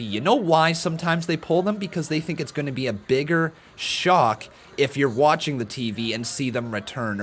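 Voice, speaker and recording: A man's voice: mid-range voice, fairly bright tone, slight background noise. A man hosting a live watch-along stream in a casual, chatty way, greeting viewers by name and talking to them in an earnest, encouraging tone.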